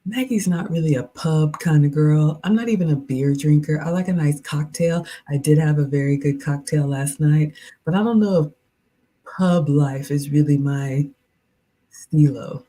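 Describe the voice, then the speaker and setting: Chatty Southern woman with a low, mellow voice. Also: moderate pace. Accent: Southern American. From American South. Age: middle-aged. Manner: chatty and playful, reads out viewer comments. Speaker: cooking and lifestyle livestreamer. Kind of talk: casual livestream chat with viewers.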